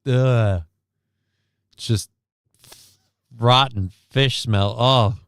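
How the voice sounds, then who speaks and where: A man's voice: medium pitch, drawn-out words, vocal fry, a bit bright, smooth, dry recording, studio quality. A man streaming casual reaction commentary on a news clip, sarcastic and rambling, reading chat comments aloud.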